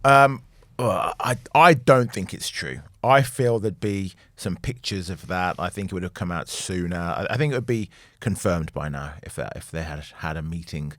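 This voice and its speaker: A man's voice: deep voice, moderate pace, dry recording. A man hosting a casual talk show, easygoing, laughing readily and adding short agreeing interjections. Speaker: host.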